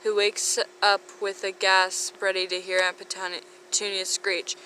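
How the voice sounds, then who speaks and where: A woman reading fan comics aloud in breathless, rapid run-on sentences. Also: mid-range voice, level tone, pushed and bright, a little hiss or hum, rough recording. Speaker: fan comic dub reader.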